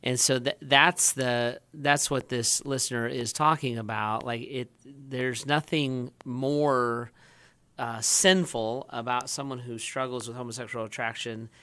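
Male pastor co-host, smooth resonant voice, measured and thoughtful. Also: medium pitch, steady tone, sharp tone. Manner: thoughtful, halting restarts. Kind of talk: casual podcast discussion.

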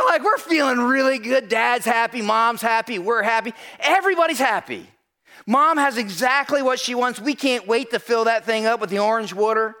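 A man telling a personal story to an audience, animated and acting out the voices of the people in it, often checking in with "right?". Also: very high-pitched, normal speed.

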